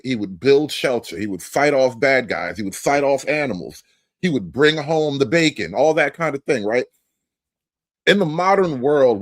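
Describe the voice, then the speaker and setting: A man on a talk show panel, laying out his premise in a deliberate, argumentative way. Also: mid-range voice, no echo.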